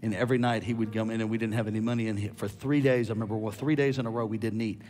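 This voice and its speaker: Preaching as a guest, a man delivers a sermon with a lowish voice, growing animated and loud at its peaks. He tosses quick asides to the crowd along the way.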